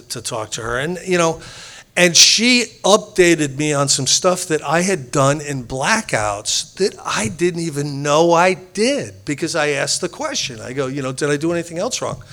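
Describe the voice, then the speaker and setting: A man's voice: on the high side, bright, forceful tone. A man sharing his personal recovery story with a meeting group, rambling and self-deprecating, with frequent restarts.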